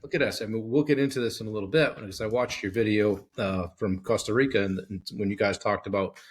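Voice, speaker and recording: A man's voice: lowish voice, fast talker, husky. A middle-aged man hosting a podcast, chatting casually, filling gaps with "uh" and checking in with "right?". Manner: conversational, many filler words, checks in with "right?". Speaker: podcast host. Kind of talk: casual interview chat.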